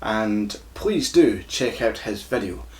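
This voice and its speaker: A Scottish YouTuber with a croaky voice, casually flubbing takes and swearing at his own mistakes. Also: lowish voice, lively intonation, slow pace. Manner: swears freely at his own flubs, self-mocking.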